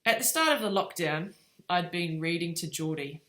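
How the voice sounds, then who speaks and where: A woman with a slightly low voice gives a relaxed devotional talk, speaking as a mother. She tells a family story with plenty of ums and uhs. The tone stays informal and conversational. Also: moderate pace.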